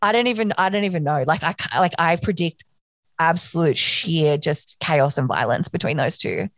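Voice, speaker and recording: A woman's voice: sits low, normal speed, no room sound, clean studio sound. A young woman co-hosting a podcast, blunt and crude, teasing her friends in casual banter. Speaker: podcast co-host. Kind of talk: casual chat.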